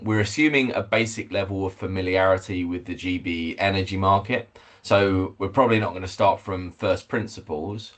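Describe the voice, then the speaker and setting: A man, head of communications, presenting a webinar over a video call, measured, with many fillers and restarts. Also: low-pitched, a bit bright.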